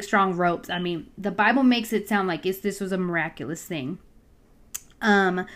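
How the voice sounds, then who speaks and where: Young adult woman, casual storyteller, lively and slangy, middle pitch. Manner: chatty, animated, acts out voices with slang. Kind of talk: casual Bible story retelling.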